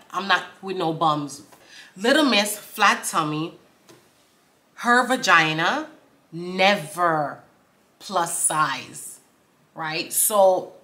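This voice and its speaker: Young woman chatting about a song, lively, bright voice, kinda low. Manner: animated, quoting lyrics in a rhythmic chant, laughing. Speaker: song breakdown host. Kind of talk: casual reaction commentary.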